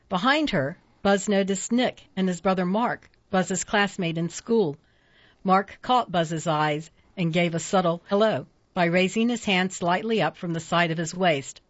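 A woman narrating a storybook at a steady pace, giving each character its own voice. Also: mid-range voice, no room sound. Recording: dull lo-fi dry recording.

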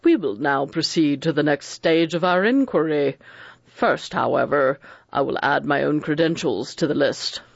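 A man's voice: fairly high pitch, gravelly, dry recording, dull audio. A man voicing a precise, cold elderly judge who chooses his words with care. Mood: calm reasoning. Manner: measured, picks words with care.

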